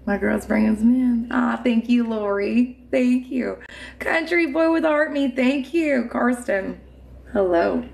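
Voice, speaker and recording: A woman's voice: fairly high pitch, a little slow, vocal fry, a little mellow. A woman from Indiana hosting a live stream from her home on a phone, chatty and giggly, swearing freely and a little drunk. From Indiana, USA. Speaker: livestream host. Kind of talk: casual live-stream chat reading comments. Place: home room with mounted trophies.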